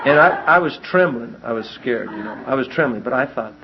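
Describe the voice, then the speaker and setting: Animated preacher man, lively swinging voice. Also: medium pitch, a little fast, vocal fry, hardly any pauses, noisy background. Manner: animated storyteller, repeats lines for emphasis. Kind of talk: sermon with personal storytelling. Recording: dull lo-fi recording.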